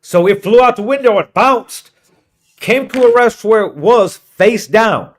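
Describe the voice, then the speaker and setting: High pitched guy cussing up a storm telling a road trip story on a podcast. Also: unhurried. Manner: profane, animated storyteller. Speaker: podcast co-host. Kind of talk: casual storytelling chat.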